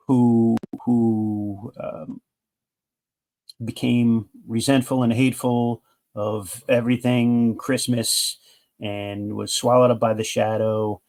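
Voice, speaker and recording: A man's voice: fairly low pitch, level tone, very slow, vocal fry, pauses often, a little mellow. A man casually reviewing a comic book, retelling the story with enthusiasm in a rambling way that is full of restarts.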